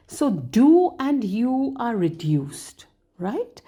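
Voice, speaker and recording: A middle-aged woman teacher talks slowly and patiently, her fairly high voice rising and falling a lot. Her tone is mellow, and she leans hard on key words as she models them for other teachers. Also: sing-song. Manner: patient, emphatic, models stressed words aloud. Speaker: English teacher trainer. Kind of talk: explaining a classroom lesson.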